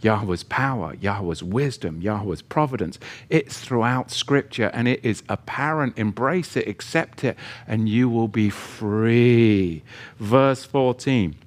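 Speaking at a measured pace in a fairly low voice, a man works verse by verse through a Bible chapter conversationally. He adds joking asides and gives the scripture readings emphasis.

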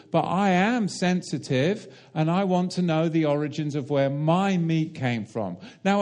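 A man's voice: a little high, darkish tone. A man preaching a sermon, emphatic and direct, asking the listeners rhetorical questions and explaining Hebrew and Greek terms.

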